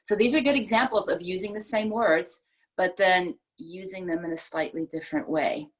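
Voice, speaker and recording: A woman's voice: fairly low pitch, moderate pace. A woman giving a prepared club speech over a video call, talking expressively and playing with which words she stresses. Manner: expressive, demonstrates emphasis by changing stress. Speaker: speech presenter.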